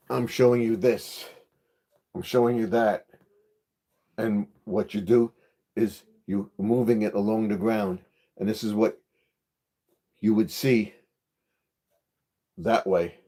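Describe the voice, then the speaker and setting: A man with a fairly low voice talks slowly and unhurriedly on a live stream. He walks through a gadget step by step, repeating himself and pausing on fillers as he hosts his gardening channel. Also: mellow. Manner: repetitive, hands-on explaining with many fillers. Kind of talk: casual live-stream demonstration.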